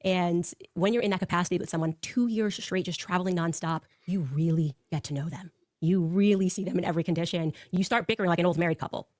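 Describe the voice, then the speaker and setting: Fast-talking woman with a low voice. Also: no room sound, studio quality. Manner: fast, animated storytelling with acted quotes. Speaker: political commentator. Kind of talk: personal storytelling on a show.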